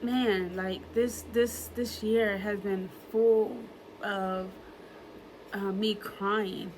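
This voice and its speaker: A woman's voice: mid-range voice, steady tone, very slow, a little mellow, slight background noise, low-quality recording. A woman, talking in an earnest, emotional way in a personal reflection vlog, using plenty of fillers and repeating herself. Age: early 30s. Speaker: vlogger.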